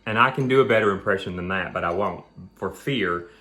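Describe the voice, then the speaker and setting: Low-voiced man chatting while eating. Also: fairly quick, sharp tone. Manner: chatty, rambling, talking between bites. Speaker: vlog host. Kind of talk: casual chat while eating. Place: at home.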